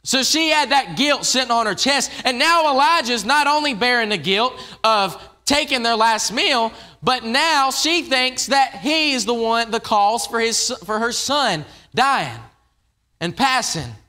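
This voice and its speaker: High, bright-voiced preacher man. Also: lively intonation, unhurried. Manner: conversational, repeats and restarts phrases. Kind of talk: casual evening sermon. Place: church.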